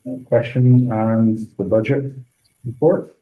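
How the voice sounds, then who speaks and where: A man chairing a board meeting, reading the budget report with many pauses and ums. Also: medium pitch, steady tone, phone-quality sound. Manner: halting, many ums and uhs. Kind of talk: meeting business.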